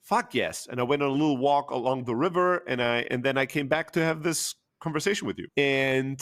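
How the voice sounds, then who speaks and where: A man's voice: mid-range voice, brisk, fairly bright tone. A man telling an emotional personal story candidly, with frequent fillers and the odd swear word.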